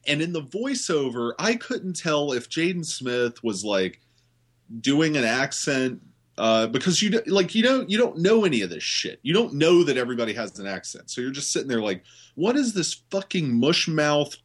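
A man's voice: mid-range voice, sing-song, moderate pace. A man co-hosting a podcast, chatting casually and rambling sarcastically about a film, with lots of swearing and filler words. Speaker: podcast co-host. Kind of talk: casual movie review chat.

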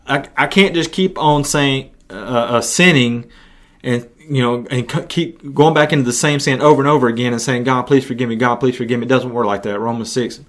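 A man's voice: mid-range voice, moderate pace, a bit bright. A man preaching an earnest sermon, often restarting his phrases.

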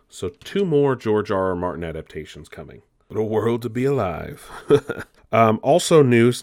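A man casually running through entertainment news as the show's host, chatty and loose, swearing and laughing at himself now and then. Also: lowish voice.

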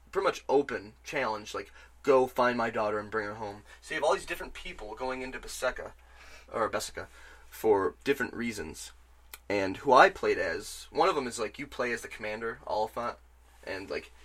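Bright-voiced man ranting about games. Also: fairly low pitch. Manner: rambling, excitable, swears freely. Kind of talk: casual game chat.

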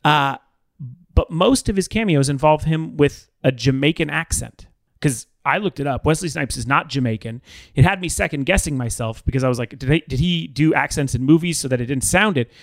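A man's voice: fairly high pitch, brisk, no room sound, studio quality. A man co-hosting a podcast, chatting casually and rambling with self-doubting restarts. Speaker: podcast co-host. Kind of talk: casual chat.

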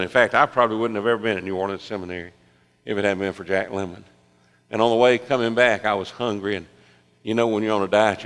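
Gravelly preacher in a big hall. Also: male voice, lowish voice. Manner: animated, swings from loud excited telling to soft hushed storytelling. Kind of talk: sermon storytelling. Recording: long reverb of a large hall.

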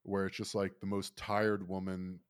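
A low-voiced man in his thirties, from Florida, spinning a rambling comic story. His telling is animated and wry, with bursts of loudness and hurried asides. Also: smooth. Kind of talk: storytelling chat.

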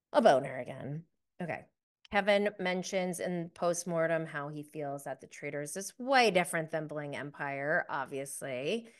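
A woman hosting a casual episode review of a reality show, chatty and gossipy, laughing often as she talks. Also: on the low side. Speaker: reality TV recap host.

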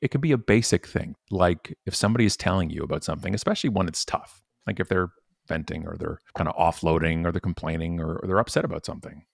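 A man's voice: low-pitched, quick pace, vocal fry, no echo, clean studio sound. A man in his forties, a professional speaker, talking emphatically and animatedly as a podcast guest. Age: 40s. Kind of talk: conversational podcast interview.

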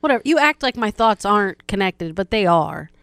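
A woman's voice: mid-range voice, very animated, a little fast, a bit bright, clear, resonant tone, dry recording. A woman co-hosting a podcast, chatting in a playful, teasing way. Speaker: podcast co-host. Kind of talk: casual chat.

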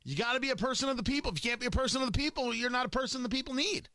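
A man's voice: very high voice, racing, sharp tone, no echo. A man hosting political commentary, combative and emphatic, firing off rhetorical questions and repeating points for effect.

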